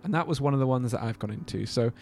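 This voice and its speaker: A man's voice: medium pitch, fast, darkish tone, soft background music. A man co-hosting a casual podcast, telling a story in a jokey, rambling way. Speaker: podcast co-host.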